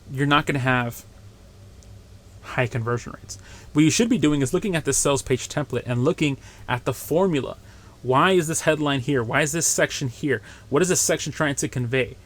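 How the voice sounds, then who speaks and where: A man hosting his own marketing podcast delivers solo instructional talk in a coaching tone, repeatedly checking in with "right?" and "okay?". He punches up key points with louder, higher bursts of voice.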